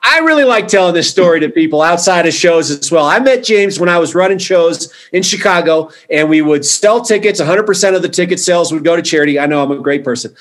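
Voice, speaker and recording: A man's voice: on the high side, expressive, fast, few pauses, a bit bright. A man hosting a comedy show, chatting and introducing the next performer. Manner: chatty, laughing between lines.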